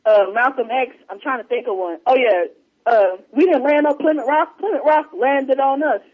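A man chatting casually as a co-host, retelling favorite movie scenes in an animated way. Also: very high-pitched, moderate pace, husky. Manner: animated storyteller, quotes lines in put-on voices. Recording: muffled lo-fi audio.

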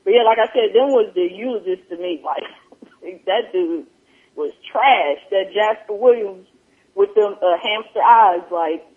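A woman's voice: mid-range voice, a little slow, breathy edge. A woman chatting casually with lots of laughter, quoting herself as she talks. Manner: animated, laughing, quotes herself a lot. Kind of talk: casual podcast chat. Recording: tinny phone-line sound.

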